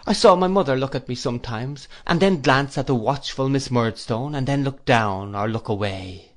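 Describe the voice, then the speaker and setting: Man reading a classic novel aloud. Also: mid-range voice. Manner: measured, reflective storytelling. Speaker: audiobook reader. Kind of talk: audiobook narration.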